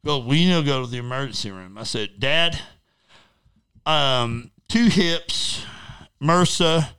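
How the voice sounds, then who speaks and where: A middle-aged man with a forceful, bright voice that comes through clean and resonant. He talks bluntly and swears freely. His story rambles along with plenty of fillers. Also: mid-range voice, animated, takes it slowly, clean tone. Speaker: interview guest. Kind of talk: casual storytelling.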